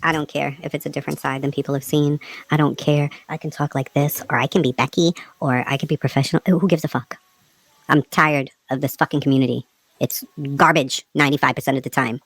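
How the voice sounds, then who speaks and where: Boston-accented woman, low and dry, profane angry rant on a live panel. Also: fairly even intonation, no room sound, poor audio. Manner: angry, profane, rapid rants. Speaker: livestream panelist. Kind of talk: heated livestream panel talk.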